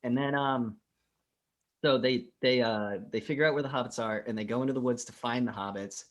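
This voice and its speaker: A man's voice: mid-range voice, a little fast. A man co-hosting a podcast, chatting casually and retelling scenes in a rambling, profane way full of fillers. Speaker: podcast co-host. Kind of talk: casual chat.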